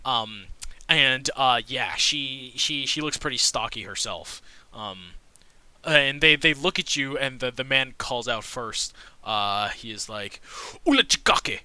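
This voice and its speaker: Male game master, casual stop-start narration, full of fillers, crisp bright tone. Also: mid-range voice, no room sound. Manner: halting, full of fillers and restarts.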